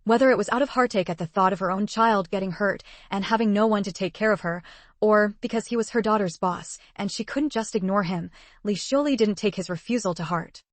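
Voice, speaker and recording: Woman reading a story, steady even voice, medium pitch, dry close mic. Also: a little fast, no room sound. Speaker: narrator. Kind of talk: scripted story narration.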